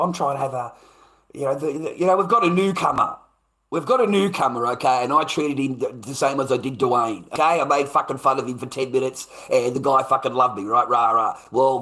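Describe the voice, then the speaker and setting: A man's voice: mid-range voice, sharp tone. A man hosting his own channel, ranting on a livestream in a confrontational, sarcastic way, swearing and repeating himself. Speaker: channel host. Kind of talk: livestream rant.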